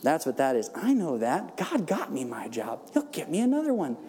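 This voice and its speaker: A man preaching in the style of lively storytelling, laughing often and acting out the voices of people in his stories. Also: fairly high pitch, normal speed. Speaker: church speaker. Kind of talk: sermon storytelling.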